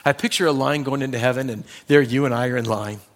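A man's voice: mid-range voice, quick pace. A male pastor preaching a sermon, talking conversationally and addressing the congregation directly with personal stories.

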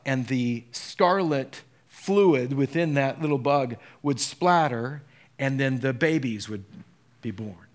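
A man from Southern California preaching a sermon in an earnest way that builds to impassioned peaks. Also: fairly high pitch. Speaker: pastor.

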